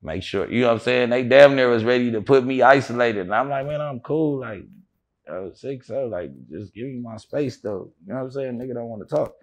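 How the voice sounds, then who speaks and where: A man being interviewed, telling a story in an animated way with heavy slang, acting out what others said. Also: mid-range voice, brisk. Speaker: interview guest.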